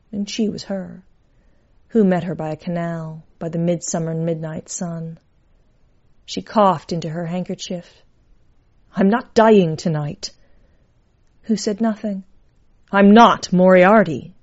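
A woman reading a story aloud in a measured, wry storytelling manner. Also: on the low side, creaky, mellow, slightly rough. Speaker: narrator. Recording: dull lo-fi recording.

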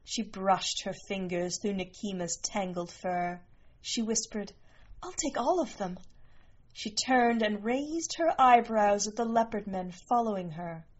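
A woman reading a story aloud in a slow, measured storytelling voice. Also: medium pitch. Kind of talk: storybook narration. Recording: muffled lo-fi recording.

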